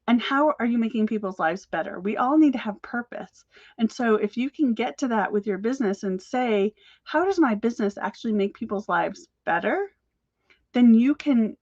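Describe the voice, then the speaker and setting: Upbeat woman coaching small-business owners straight to camera, rapid and encouraging, dry slightly muffled sound. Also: on the high side, no echo. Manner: energetic, encouraging, talks fast. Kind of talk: motivational talk to camera.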